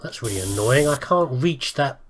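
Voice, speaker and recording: A man's voice: medium pitch, expressive, moderate pace, a little hiss or hum. A man giving casual let's-play commentary, rambling and thinking aloud with self-mocking asides. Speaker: gaming video host.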